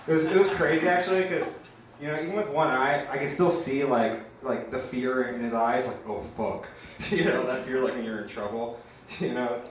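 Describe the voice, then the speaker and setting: A young stand-up comedian runs through a rambling, self-deprecating open mic set full of fillers, his medium-pitched voice moderate in pace and fairly even. The small room's audience laughs, captured in an echoey bootleg from far off.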